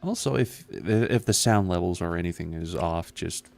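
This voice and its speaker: A man's voice: normal speed, creaky, a little mellow, faint music behind. A man with a somewhat American accent, commentating his gameplay on a live stream with profane, wry asides. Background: game sounds and rumble.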